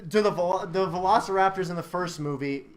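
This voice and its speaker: A man's voice: high-pitched, a little fast. A young man hosting a casual film review chat, ranting with exasperated anger and plenty of swearing. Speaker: channel host reviewing a film.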